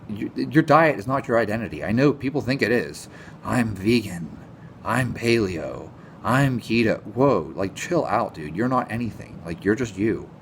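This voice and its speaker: A man's voice: on the low side, slight background noise. A man ranting casually to camera about nutrition, sarcastic and exasperated, and he swears now and then. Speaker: nutrition vlogger.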